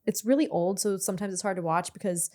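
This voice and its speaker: A young woman hosts a relaxed podcast chat. She talks eagerly and warmly about what moves her, with many casual fillers. Her voice has an everyday middle pitch. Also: fast talker. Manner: enthusiastic, emotional listener, chatty. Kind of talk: casual conversation.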